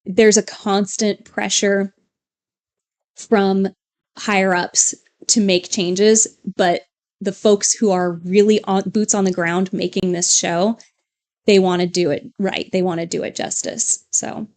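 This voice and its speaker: A woman's voice: mid-range voice, fairly even intonation, slow pace, darkish tone. A woman co-hosting a livestream, chatting casually in a rambling way with restarts. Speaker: livestream co-host. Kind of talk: casual chat.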